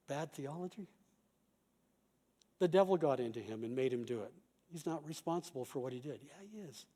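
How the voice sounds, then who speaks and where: A middle-aged man, a pastor and chaplain, giving a calm, measured conference talk with quoted examples. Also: on the high side.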